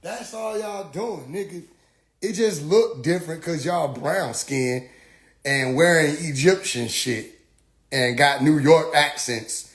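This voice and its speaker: A man's voice: on the high side, slow, a bit bright, slightly rough. A man, telling a profane, comedic story with heavy slang. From Atlanta, US.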